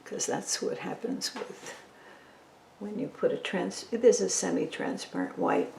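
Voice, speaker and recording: A woman's voice: medium pitch, very animated, measured pace, creaky, darkish tone, echoey room, slight background noise, low-quality recording. A woman explaining her painting step by step as she works, thinking aloud and often dropping to a near whisper. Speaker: painting instructor. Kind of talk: casual tutorial narration while painting.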